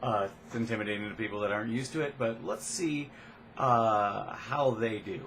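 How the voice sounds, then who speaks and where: A man's voice: fairly low pitch, normal speed, heavy background noise. Man explaining dog training casually. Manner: relaxed, explains plainly with frequent uh fillers. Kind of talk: casual instructional talk.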